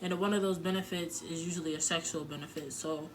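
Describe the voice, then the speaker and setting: A woman's voice: deep voice, steady tone, fast talker, noisy background. A young woman giving blunt, emotional relationship advice to her viewers in a casual vlog, swearing freely and leaning on filler words. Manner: candid, emotional, profane, heavy filler words. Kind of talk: casual advice talk to camera.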